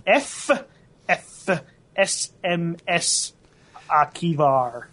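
A man with a fairly high, slightly bright voice draws out his words as he co-hosts a casual tech podcast. He rambles, corrects himself along the way, and laughs often.

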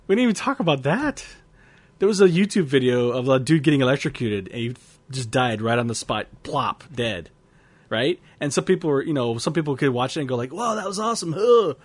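A man's voice: mid-range voice, lively intonation, brisk, no echo. A man co-hosting a casual podcast, laughing often and rambling through stories. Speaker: podcast co-host.

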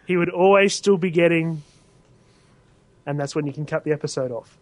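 High-voiced joking podcast man. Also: normal speed, dry recording. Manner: crude joking, deadpan punchlines. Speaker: podcast co-host. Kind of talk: casual podcast banter.

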